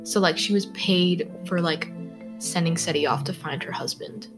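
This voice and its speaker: A woman's voice: on the low side, steady tone, moderate pace, music in the background. A young woman hosting a podcast, telling a true-crime story in casual chat with lots of fillers and stumbles over names. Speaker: podcast host.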